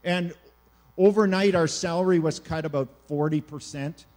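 A middle-aged man from Canada preaches a sermon in a fairly high voice. His delivery is animated, pushing some lines out loudly and dropping others to a near hush. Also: moderate pace. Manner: animated preaching, swings between loud emphasis and hushed quiet. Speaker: pastor.

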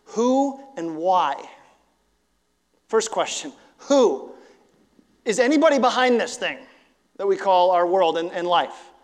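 Pastor preaching in a reverberant hall. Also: male voice, high-pitched, unhurried. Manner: earnest storytelling with rhetorical questions, casual fillers. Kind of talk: sermon. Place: church sanctuary. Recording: long church hall reverb.

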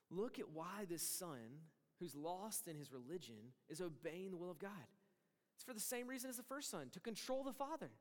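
A male pastor with a high voice preaches a sermon, dropping to near-hushed lines and then rising to emphatic points. He acts out the people he quotes. His voice carries a long reverb from a church sanctuary. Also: expressive, moderate pace.

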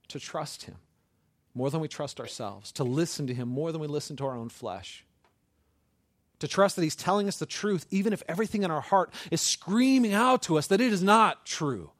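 A middle-aged man preaching a sermon in a fairly high, very animated voice that climbs toward shouts and drops to near-whispers. He restarts phrases as he goes. The sound is close and dry. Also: no room sound. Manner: passionate, builds to near-shouts, frequent restarts. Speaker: pastor.

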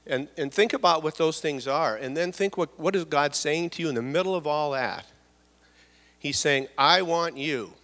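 A middle-aged man giving a personal testimony in church, earnest and halting, often repeating words and dropping his voice. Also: fairly high pitch, fairly bright tone. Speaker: church speaker sharing testimony. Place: church hall. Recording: long hall reverb.

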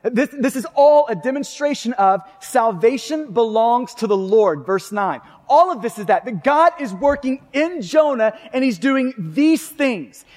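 Male pastor, fervent sermon delivery, high voice, long reverb. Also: lively intonation, a little slow, few pauses, darkish tone. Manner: fervent preaching, reads scripture aloud, asks the congregation questions.

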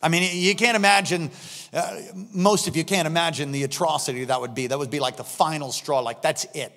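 A man in his fifties, a pastor preaching a sermon in church, animated and prone to acting out scenes with sudden shouts. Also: on the high side, brisk. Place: church sanctuary. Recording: long reverb of a large hall.

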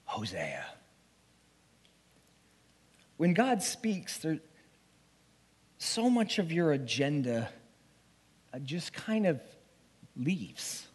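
Man, pastor, dramatic sermon, slow, long reverb, emotional, pleading. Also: a little high, expressive, breathy edge. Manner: emotional, swings from pleading to hushed whispers. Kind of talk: first-person dramatic sermon monologue. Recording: long reverb of a large hall.

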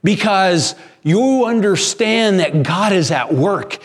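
A man's voice: high-pitched, expressive, takes it slowly. A pastor preaching a sermon in an earnest, emphatic way, often restarting his sentences.

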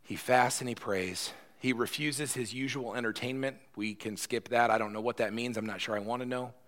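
A man's voice: mid-range voice, fairly even intonation, normal speed, fairly bright tone. A male pastor giving a conversational sermon, retelling a story and often checking in with "right?".

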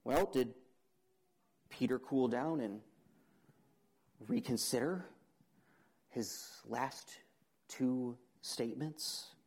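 A young man preaching a sermon, dramatic, asking the audience questions and swinging between loud emphasis and quiet. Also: mid-range voice, lively intonation, drawn-out words, long pauses, slightly rough, rough recording.

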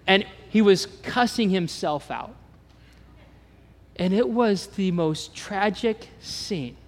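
A man's voice: sits high, long reverb tail. A man preaching a sermon as pastor, telling stories animatedly and acting out the dialogue.

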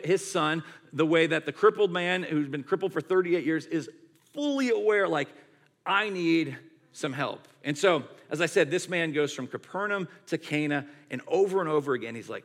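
A middle-aged man preaching a sermon in a conversational, animated storytelling way, acting out quotes as he goes. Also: fairly high pitch. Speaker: pastor.

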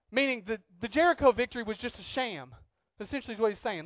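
A man preaching a sermon as pastor, swinging from loud acted outbursts to quiet earnest talk. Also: extremely high pitch, quick pace, hardly any pauses, no room sound.

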